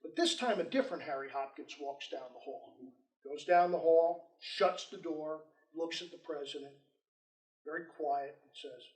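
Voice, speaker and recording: A man giving a storytelling history lecture, animated and acting out quoted dialogue, in a lecture room with roomy echo. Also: a little high, moderate pace. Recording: roomy echo, distant mic.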